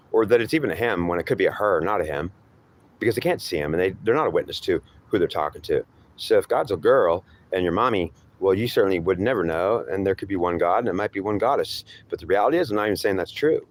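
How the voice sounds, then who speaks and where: A man delivering an improvised spoken monologue, rambling and philosophizing, often repeating himself as he goes. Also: deep voice. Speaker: storyteller.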